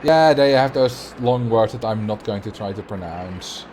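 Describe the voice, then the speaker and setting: A man's voice: fairly low pitch, moderate pace, noisy background. A man with a Dutch accent giving casual, joking commentary while livestreaming a game. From Netherlands. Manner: chatty, laughs often, jokes about words.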